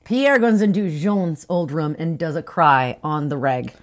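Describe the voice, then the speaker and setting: A woman's voice: deep voice, unhurried. A woman co-hosting a casual chat, swearing freely as she recaps a story. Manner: profane, animated, acts out characters' lines. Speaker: podcast co-host.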